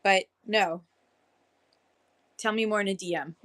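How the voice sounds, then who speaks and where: A woman's voice: medium pitch, slow, long pauses, a bit bright. A woman hosting a casual livestream chat, greeting viewers one by one by name in a bubbly, chatty way. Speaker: livestream host greeting sellers.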